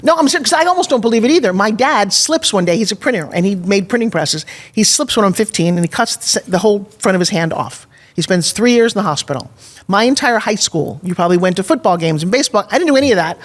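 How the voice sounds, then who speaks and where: A woman in her sixties with a New York accent tells her story in a podcast interview. She is expressive and lively, and her voice sits at an ordinary middle pitch. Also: fast. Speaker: guest.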